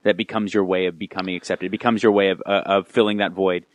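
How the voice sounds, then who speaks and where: Earnest, low-voiced man reflecting. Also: little pitch movement, fast, no echo. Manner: earnest, reflective, stumbles and restarts. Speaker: podcast guest, radio host. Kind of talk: casual reflective chat.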